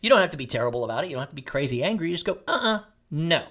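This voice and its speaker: A man's voice: a little high, lively intonation, rapid-fire, a bit bright. A middle-aged man from Texas, a podcast host giving a blunt, jokey motivational monologue.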